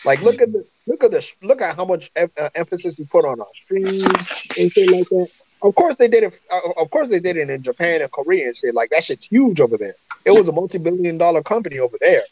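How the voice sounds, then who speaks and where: A man's voice: high-pitched, expressive, fast, a little mellow. A man from Africa co-hosting a podcast, talking in blunt, profane, opinionated casual chat. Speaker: podcast co-host. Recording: muffled with faint noise.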